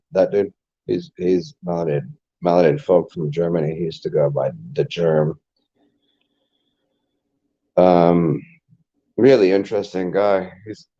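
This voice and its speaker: Low and dark in tone, a man rambles through a casual, profane spiritual-vlogger monologue, restarting sentences again and again. It's a dull lo-fi recording.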